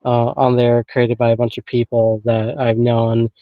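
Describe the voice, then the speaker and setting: Over a remote call with narrow, tinny audio and no echo, a man speaks in a medium-pitched, monotone voice at a slightly slow pace. He's a guest on an interview, chatting casually about paranormal investigating, rambling with many filler phrases and chuckling often.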